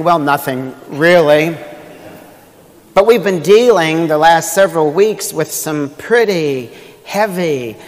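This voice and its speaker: Male pastor, unhurried and chatty in the pulpit, joking and asking questions; sanctuary echo. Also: on the high side. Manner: conversational, humorous, rhetorical questions. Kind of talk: sermon. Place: church sanctuary. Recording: long church hall reverb.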